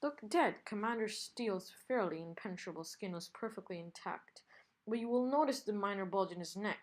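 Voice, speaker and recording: A woman's voice: mid-range voice, animated, moderate pace, close to an everyday voice. A woman reading aloud and voicing a grim, brooding male vigilante detective from a comic book.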